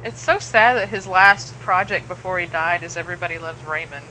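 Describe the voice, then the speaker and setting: Chatty joking woman, bright sharp voice, faint noise in the back. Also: fairly low pitch, fairly even intonation, brisk, low-quality recording. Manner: chatty, jokey, trails off mid-sentence. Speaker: podcast co-host. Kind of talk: casual chat among friends.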